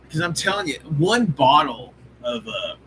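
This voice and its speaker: A man with a somewhat high voice talks casually to his viewers, rambling, swearing freely and restarting his sentences. Faint room ambience sits behind him on a live home stream. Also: very animated, normal speed, a bit bright, slight background noise, rough recording. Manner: rambling, profane, enthusiastic, lots of fillers. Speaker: hobby show host.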